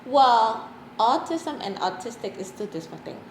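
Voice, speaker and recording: A woman in her thirties answering interview questions, hesitant, with many pauses and restarts. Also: on the high side, big pitch swings. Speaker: interviewee, mother of an autistic son. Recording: echoey room, faint background noise.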